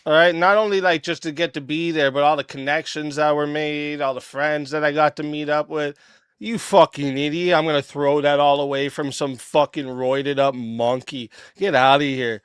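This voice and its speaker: A man's voice: a little high, fairly even intonation, normal speed, a bit bright, clean tone, dry recording, clean studio sound. Mocking man ranting with curses.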